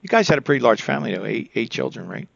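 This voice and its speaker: Male host, eager promotional chatter, raspy fry, dry close recording. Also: medium pitch, very animated, no echo, highs cut off. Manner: eager, promotional, halting restarts. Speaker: show host. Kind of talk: casual interview chat.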